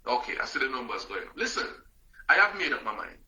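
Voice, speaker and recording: A man's voice: mid-range voice, sing-song, fast talker, pushed and bright, poor audio. A man hosting a motivational live stream, emphatic and repetitive, calling out viewers by name.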